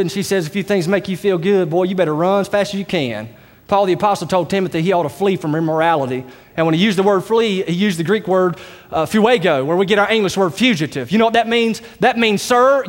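High-voiced preacher in a hall. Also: male voice. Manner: emphatic preaching, folksy asides. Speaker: pastor. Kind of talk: sermon. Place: church sanctuary.

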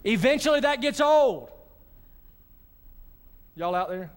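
Speaking slowly in a very high, very animated voice with a clean tone, a male pastor preaches in a church sanctuary. He addresses his congregation directly, mixing conversational preaching with asides to them.

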